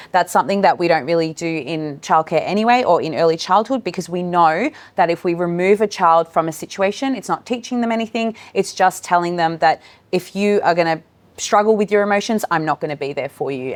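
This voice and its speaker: A woman presents a live training workshop, her voice sitting a little on the low side. She talks with steady encouragement, turning to people in the room and to those joining online. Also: brisk. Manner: warm, encouraging, addresses room and online audience. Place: meeting room with in-person and online attendees.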